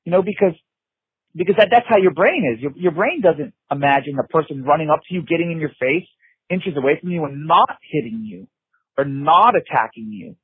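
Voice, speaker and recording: A middle-aged man's voice comes through a phone line, a little high, brisk, with lively intonation and a breathy edge, recorded dry. As an interview guest recalling his past intensely, he's emphatic, repeats himself, restarts, and leans on "you know."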